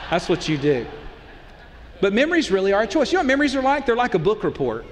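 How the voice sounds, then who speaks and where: A middle-aged pastor with a high, very lively voice, preaching in an animated, conversational way. He keeps asking the congregation questions. His voice rings with the long reverb of a church hall. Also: fast talker, slight background noise. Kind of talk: sermon. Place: church auditorium.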